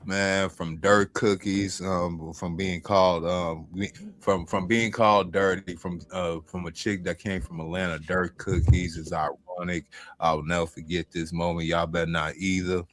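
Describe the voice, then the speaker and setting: Very deep flat-voiced male panelist. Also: moderate pace. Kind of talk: live panel talk.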